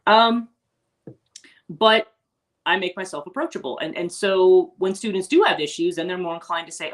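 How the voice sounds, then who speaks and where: A woman's voice: mid-range voice, expressive, fairly quick, fairly bright tone. A woman hosting a casual morning livestream, chatting with viewers and rambling with many restarts and asides. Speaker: host; teacher and life coach.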